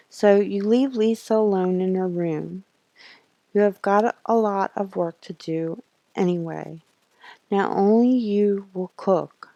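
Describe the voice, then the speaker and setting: Woman streamer reading game text aloud, unhurried pace, darker tone. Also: lowish voice, mellow, no room sound, poor audio. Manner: reads the text slowly, with asides and laughs.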